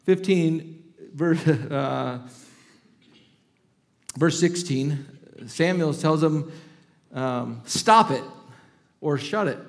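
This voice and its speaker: A man's voice: fairly high pitch, extremely slow, pauses often, darkish tone. A middle-aged male pastor preaching a sermon, reading scripture aloud with dramatic emphasis and breaking into casual asides.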